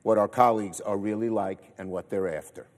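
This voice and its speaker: A man, a senator, asking pointed questions in formal, measured floor language. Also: fairly low pitch, steady tone. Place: large legislative chamber. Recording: long reverb of a large chamber.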